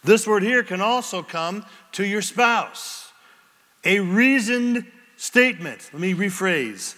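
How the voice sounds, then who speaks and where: A high, bright male voice preaching with lively, theatrical energy, slipping into quick character voices to make a point. He addresses a congregation in a church. The sound carries a long reverb from a large hall. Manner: animated, acts out little scenes in different voices. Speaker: pastor. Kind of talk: sermon. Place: church sanctuary before a congregation.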